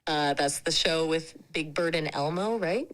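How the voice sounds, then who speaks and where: A woman's voice acting as an AI chat companion, upbeat and polite, quick to agree in casual chat. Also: sits low, fairly bright tone.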